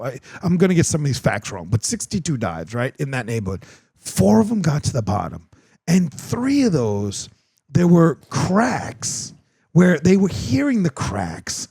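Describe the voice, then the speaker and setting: A man's voice: a little high, measured pace, slightly rough, no echo. A man hosting a podcast, telling a story casually and laughing as he talks. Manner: animated storytelling, laughs while talking. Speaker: podcast host. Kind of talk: casual chat.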